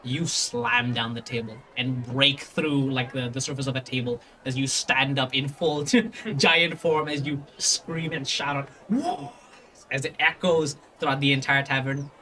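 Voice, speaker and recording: A man's voice: medium pitch, normal speed, few pauses, sharp tone, a little hiss or hum. Rambling game master man. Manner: rambling, with many fillers and restarts. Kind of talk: narrating a tabletop game.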